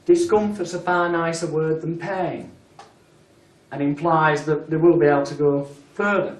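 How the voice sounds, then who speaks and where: A man's voice: a little high, steady tone, unhurried. A man teaching a hypnosis workshop to a live class, talking casually and bluntly and swearing freely. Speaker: hypnosis trainer. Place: training room with audience. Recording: echoey room recorded from a distance.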